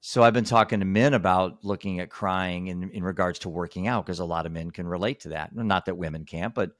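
Low-voiced and a little fast, this podcast host speaks on a clean, dry studio recording. His casual conversation rambles, full of restarts and repeated "you know"s.

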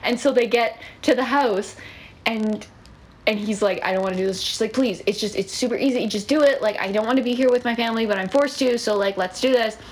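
A woman co-hosting a casual chat about writing prompts, animated as she retells movie scenes and acts out the dialogue. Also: on the high side, a little fast. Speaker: podcast co-host. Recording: faint background noise.

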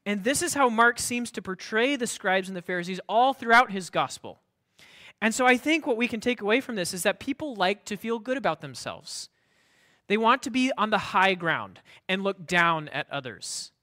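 A man's voice: high voice, animated, moderate pace, bright, forceful tone. A man preaching a sermon in a conversational way, with many fillers and restarts. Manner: mocking voice for the proud scribes. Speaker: pastor.

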